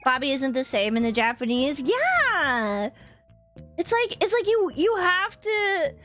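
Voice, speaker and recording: A young woman streaming and chatting casually with viewers in an animated way, laughing often. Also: high-pitched, unhurried, soft background music. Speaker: vtuber streamer. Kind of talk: casual livestream chat.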